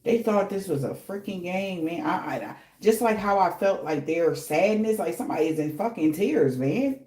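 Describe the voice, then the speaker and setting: A woman's voice: fairly low pitch, animated, normal speed, dark tone. Woman reader, casual spiritual reading, blunt and profane, slangy, in a roomy echoing space. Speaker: tarot reader.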